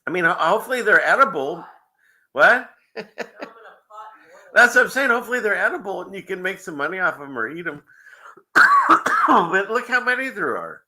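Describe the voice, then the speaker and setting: A man's voice: high voice, big pitch swings, normal speed, long pauses, sharp tone. A man hosting a casual livestream show, rambling and chuckling often between loose asides. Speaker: show host.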